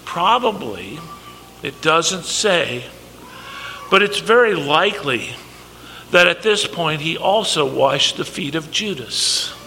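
A man's voice: fairly high pitch, lively intonation, takes it slowly, creaky, sharp tone. A man preaching a sermon, emphatic, acting out quoted lines from scripture. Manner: emphatic, acts out quoted dialogue. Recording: long reverb, faint background noise.

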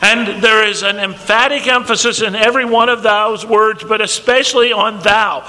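Male preacher, high, very bright and forceful, emphatic delivery, reverberant hall. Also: steady tone, moderate pace. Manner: emphatic, acts out quoted dialogue. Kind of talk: sermon. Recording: long reverb, faint background noise.

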